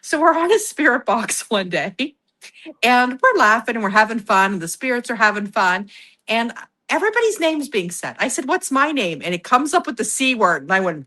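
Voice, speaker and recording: A woman guest on a podcast, telling stories in casual conversation in an animated way, often laughing and acting out what people said. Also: on the high side, normal speed. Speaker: guest, paranormal investigator.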